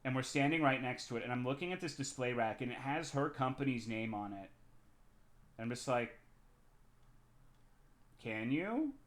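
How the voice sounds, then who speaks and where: A man's voice: mid-range voice, a little fast, fairly bright tone. A man telling a long work story on his live stream in a casual, profane, rambling way, often restarting his sentences.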